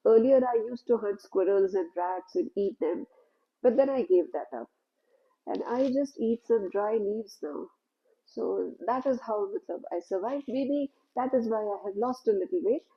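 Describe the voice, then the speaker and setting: A woman voicing a gentle, humble male snake who speaks mildly and forgives everyone, in a told story. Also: medium pitch, normal speed, lo-fi sound, natural voice. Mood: mild, forgiving. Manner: mild, soft-spoken.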